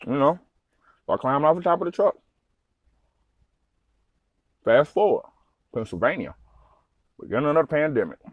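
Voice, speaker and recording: A man, a truck driver, telling a story in a casual vlog, animated, swearing freely and full of fillers. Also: medium pitch, no echo.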